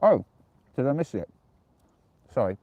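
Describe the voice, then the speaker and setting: An English man chatting casually on a live stream from the dark woods at night, giggling as he reads out viewer jokes. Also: medium pitch, big pitch swings, a little slow, no room sound, highs cut off. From England.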